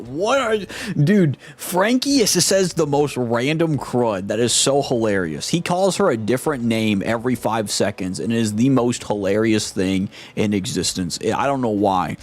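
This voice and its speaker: A man's voice: medium pitch, animated, moderate pace. A young man casually commenting while playing a video game, joking and rambling with lots of slang. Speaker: gaming streamer. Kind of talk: casual let's play commentary. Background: game music.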